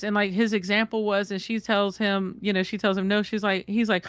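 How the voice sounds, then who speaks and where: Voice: mid-range voice, flat delivery, brisk, few pauses, a bit bright, clear, resonant tone, dry recording. A speaker in a casual online voice chat who makes points emphatically and swears often. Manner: emphatic, profane. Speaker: voice chat participant. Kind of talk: casual discussion.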